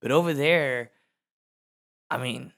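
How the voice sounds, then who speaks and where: Relaxed, reflective American man. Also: medium pitch, takes it slowly, vocal fry. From United States. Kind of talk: casual chat.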